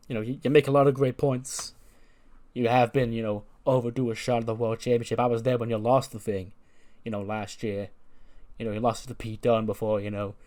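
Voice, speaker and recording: A man's voice: medium pitch, close to an everyday voice. A man voicing a young male wrestler with a chip on his shoulder, rambling with lots of fillers.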